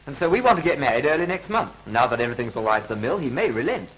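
An eager young man who pleads fast, his voice swinging up and down. It is 1930s British film acting. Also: mid-range voice, very animated, fairly bright tone, a little hiss or hum, low-quality recording. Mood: pleading. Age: young adult. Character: eager young nephew set on marrying. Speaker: nephew.

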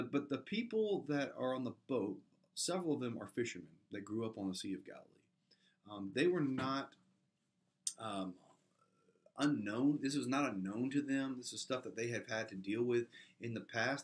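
A man preaching an earnest sermon as a pastor, building to emphatic peaks and often restarting his words. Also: medium pitch.

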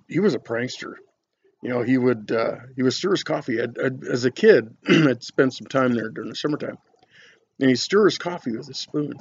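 A man's voice: mid-range voice, creaky, darkish tone, breathy edge, lo-fi sound. A man reviewing cigars on his vlog, chatting casually and telling rambling, folksy stories full of fillers.

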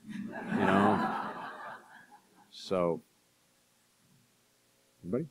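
A man's voice: low voice, fairly even intonation, moderate pace, pauses often. A man speaking as an author at a public library talk, conversational with dry humor, often restarting his sentences. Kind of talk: casual talk with Q&A.

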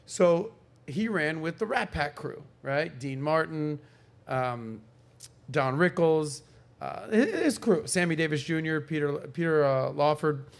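A man hosting a podcast, telling a story in a lively casual way and acting out the people in it. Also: on the high side, a little slow, gravelly. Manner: animated storyteller, acts out quoted voices. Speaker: podcast host. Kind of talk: casual chat.

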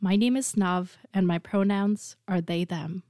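A podcast co-host talking casually over a remote mic, supportive and quick to laugh. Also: mid-range voice, a little mellow, dry recording, clean studio sound.

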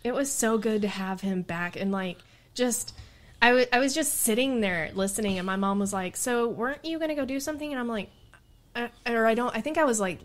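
A woman guest on a podcast, chatting casually and telling lively stories, often laughing and acting out what people said. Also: mid-range voice, moderate pace. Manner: animated, laughs often, quotes herself and others in stories. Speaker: podcast guest and radio show host. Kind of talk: casual storytelling chat.

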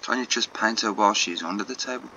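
A man reads out a polite young game hero, earnest and plain. His voice sits a little low with a bright, forceful edge. The recording sounds dull with faint noise beneath. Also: fast.

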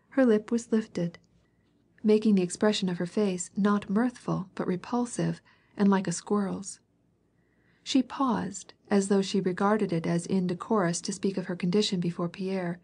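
A woman reads a classic novel aloud in steady, measured narration. Her voice is mellow and warm, with a soft, breathy huskiness. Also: medium pitch. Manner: even, measured storytelling. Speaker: audiobook reader.

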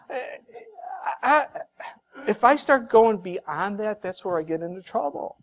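A man's voice: sits high, lively intonation, measured pace, a bit bright. A man preaching a sermon as pastor, earnest and conversational, repeating points for emphasis with casual asides.

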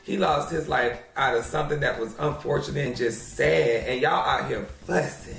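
A man co-hosting a gossip reaction show, giving casual commentary in an animated, drawling way. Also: medium pitch, normal speed, vocal fry, reverberant, recorded from a distance, faint music behind. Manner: animated, drawling, says "child" often.

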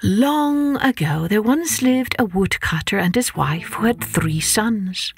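A woman narrates a children's story at a slow, unhurried pace, her voice gentle and expressive. Her pitch sits in an ordinary middle range, and soft music plays faintly beneath her. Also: creaky, slightly rough.

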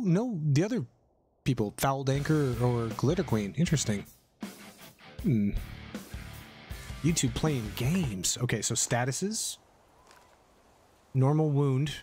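A middle-aged man with a mid-range, somewhat dark voice livestreams a survival game. He chats casually, thanks his viewers, and swears when something startles him.

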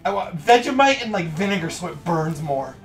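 A man's voice: sits high, animated, fairly quick, creaky, roomy sound. A man co-hosting a let's play, ranting in an exaggerated way. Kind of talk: casual gameplay commentary.

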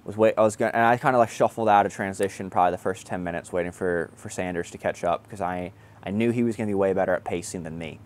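A young man, a triathlete, telling his race story in a casual, excited way, laughing often and swearing now and then. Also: low-pitched, quick pace.

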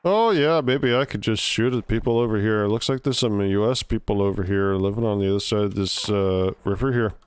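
A man's voice: fairly low pitch, a little fast, few pauses, smooth, close to an everyday voice. A man putting on a joking Canadian accent to voice an offhand soldier with binoculars who gives out orders. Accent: put-on Canadian. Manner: drawling, offhand, mocking. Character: mock-Canadian male soldier with binoculars, bossy.

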